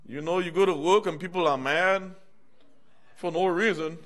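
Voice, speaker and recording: A middle-aged minister from the United States preaches his personal testimony at a moderate pace, his voice sitting high with a fairly bright tone. He talks conversationally to the church congregation, calling out "amen" and "y'all" often.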